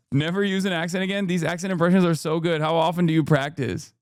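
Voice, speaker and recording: A male political streamer reacting to the news in casual, animated commentary, ranting in disbelief. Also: fairly high pitch, fast talker, few pauses, smooth, no echo, clean studio sound.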